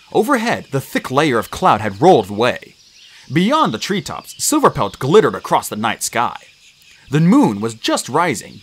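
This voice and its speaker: A man reading a children's fantasy novel aloud in an expressive, animated way. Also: medium pitch, husky. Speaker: audiobook narrator. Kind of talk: storybook reading.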